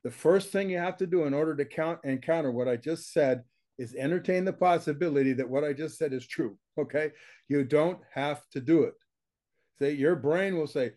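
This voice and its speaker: An older man speaks in a slightly raised register, teaching through casual interview talk. He is blunt and forceful in his phrasing, punctuating points with short rhetorical questions and a ready laugh. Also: on the high side, normal speed. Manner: emphatic, blunt, with frequent laughs and rhetorical check-ins. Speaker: consciousness teacher, guest.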